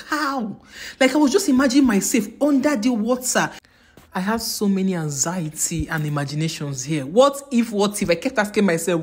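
Lady vlogging, mid pitch, dramatic and emphatic, repeats herself a lot. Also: animated, normal speed. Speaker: travel vlogger. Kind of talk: casual vlog storytelling.

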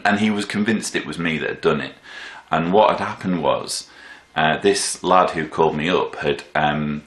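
Man, very low voice, halting and reflective, roomy echo. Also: a bit bright. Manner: thoughtful, halting, many fillers. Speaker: vlogger. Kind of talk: reflective personal storytelling. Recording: echoey room.

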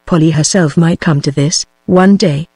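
A computer-generated woman's voice with a British English accent, reading an audiobook in an even, steady way. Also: low voice, normal speed, breathy edge, no room sound. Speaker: narrator. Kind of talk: text-to-speech audiobook narration.

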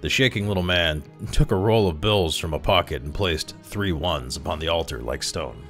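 A man narrating a classic short story aloud in an expressive reading, with occasional restarts. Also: sits low, moderate pace, faint music behind.

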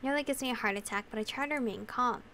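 A woman's voice: on the high side, quick pace, a bit bright. A woman playing through a visual novel, reading the narration aloud with feeling and adding giggly remarks. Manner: emotional reading with giggly asides. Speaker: video game player reading aloud. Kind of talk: visual novel let's play with commentary.

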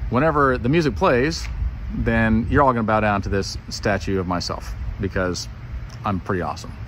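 A man voicing a boastful, petulant ancient king in casual modern slang, his voice jumping high when he gets annoyed. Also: moderate pace, fairly bright tone, slight background noise, natural voice. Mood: demanding.

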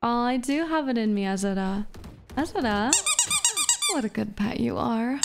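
A woman streaming a shooter game, chatting casually with her viewers, reading chat aloud and swearing between plays while feeling a bit unwell and low on energy. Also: animated, moderate pace, noisy background. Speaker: VTuber streamer.

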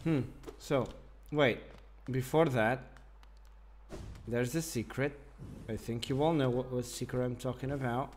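A man's voice: medium pitch, steady tone, unhurried, darkish tone, a little hiss or hum. A young man giving casual commentary while playing a game, grumbling, swearing and mocking himself. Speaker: gaming channel host.

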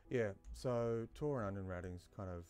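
A man's voice: fairly low pitch, brisk, darkish tone, smooth. A man giving casual, rambling commentary while playing a game, with many fillers and asides to himself. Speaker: gaming YouTuber. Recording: faint game music behind.

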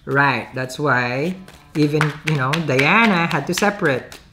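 A woman's voice: deep voice, unhurried, background noise. A woman giving a casual tarot reading to camera, chatty, often checking in with "okay?" and laughing. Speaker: tarot reader.

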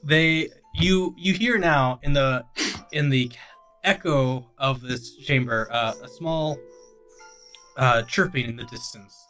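A game master narrating a tabletop game in a halting way, full of pauses and restarts. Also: medium pitch, a bit bright, faint music behind.

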